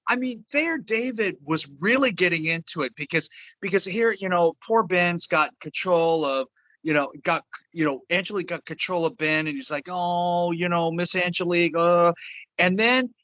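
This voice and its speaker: A man in casual podcast chat, animated, laughing along and stammering when excited. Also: high-pitched, normal speed, no room sound.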